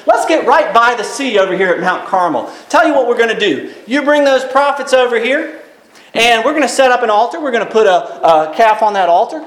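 A man's voice: very high-pitched, animated, a little fast, a bit bright. A man in a sermon voicing a bold, teasing old male prophet in a folksy, challenging manner. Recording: roomy echo.

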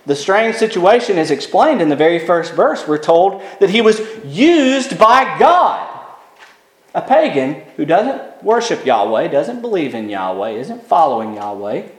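Male pastor, sermon delivery, high and very lively voice, echoey room. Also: unhurried. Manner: animated preaching, reading scripture aloud with emphatic rises.

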